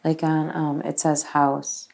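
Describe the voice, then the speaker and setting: A woman with a low, gravelly voice talks offhandedly with her partner on a ghost investigation. Her tone is dark and mellow, and she drops wry jokes as she goes. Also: level tone, slow. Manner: joking, offhand. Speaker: paranormal investigator. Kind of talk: casual chat during a ghost investigation.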